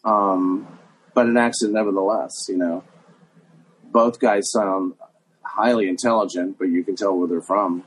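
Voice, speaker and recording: A man's voice: low-pitched, fairly even intonation, measured pace, slightly rough, low-quality recording. A middle-aged man guesting on a chat show, talking in a hesitant, musing way with many fillers. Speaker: guest impressionist. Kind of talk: casual chat.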